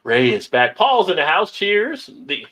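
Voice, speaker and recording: A man's voice: sits high, sing-song, a little slow, bright, forceful tone. A man hosting a casual beer live stream, upbeat and laughing as he reads viewer comments aloud. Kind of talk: casual chat.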